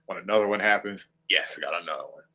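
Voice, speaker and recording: Streamer, male, low husky voice, mocking and combative rant. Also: fast talker, pushed and bright. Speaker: online streamer. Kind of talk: ranting commentary to viewers.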